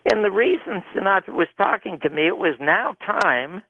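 Man storyteller, gravel in the voice, somewhat high, tinny phone-line radio sound, dry. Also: moderate pace, no room sound. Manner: animated storyteller, shouting out quoted arguments. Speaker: television producer telling his story. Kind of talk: recounting a story in an interview.

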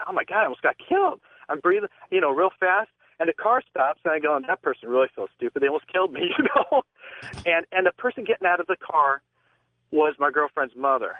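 A man's voice: on the high side, no room sound. A man calling in to a radio show, telling a long story in a rambling way with lots of restarts. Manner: rambling, halting with many restarts. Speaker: caller. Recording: tinny phone line.

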